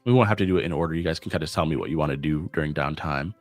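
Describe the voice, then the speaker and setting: A young man acting as game master, reading out rules in an even, measured way. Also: a bass voice, soft background music. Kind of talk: explaining game rules at a tabletop session.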